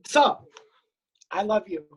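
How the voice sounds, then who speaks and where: A woman's voice: mid-range voice, expressive, takes it slowly, rough recording. A woman on a video call giving a group member blunt, profane advice in a casual heart-to-heart. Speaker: spiritual reader hosting a group call.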